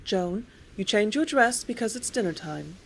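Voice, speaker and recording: A woman reads the part of a proper, fussy mother from an old storybook. She gives prim instructions and keeps hushing her loud daughter, quiet and correct. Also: mid-range voice, lively intonation, moderate pace, gravelly. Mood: instructing.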